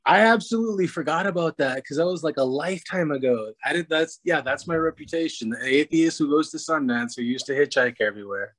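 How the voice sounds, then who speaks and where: A man's voice: a little high, fast, hardly any pauses, a bit bright. A man presenting at a community talk, telling self-mocking stories with easy laughs. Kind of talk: casual storytelling talk.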